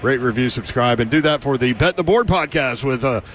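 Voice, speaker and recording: A man hosting a sports talk radio show, reading the intro and sponsor lines briskly. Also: mid-range voice, expressive, a bit bright, slight background noise. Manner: brisk announcer reads. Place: radio row event space.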